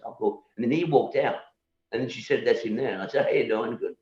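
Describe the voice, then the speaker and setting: A man's voice: mid-range voice, fast talker, darkish tone. A male musician guest in casual conversation who repeats words and keeps asking "you know?" as he argues his point and challenges beliefs. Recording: echoey room, dull lo-fi sound.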